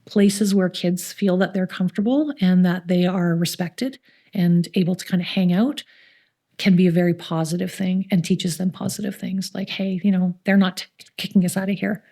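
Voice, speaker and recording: A woman's voice: on the low side, steady tone, normal speed. A middle-aged woman with a Canadian accent, a youth community centre coordinator telling stories and acting out the voices of the people in them. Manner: warm anecdotal storytelling, acts out quoted voices. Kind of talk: storytelling interview.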